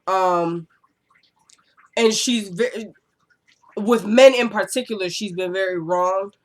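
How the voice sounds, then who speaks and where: A woman's voice: medium pitch, slow pace. A young woman with a cold chatting casually through a TV episode recap, acting out the characters' lines. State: stuffy with a cold, coughing.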